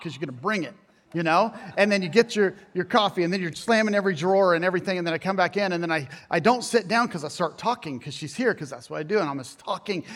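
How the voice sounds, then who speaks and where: A loud, animated male pastor in his thirties, mixing self-mocking humor into a sermon. His voice sits somewhat high. A long reverb trails after him, as in a big hall.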